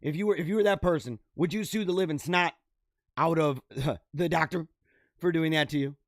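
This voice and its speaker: A man's voice: a little high, normal speed, no echo, studio quality. A man hosting a show, casually reading out odd news stories and riffing on them with lots of laughter, speaking straight to his viewers. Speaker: podcast host.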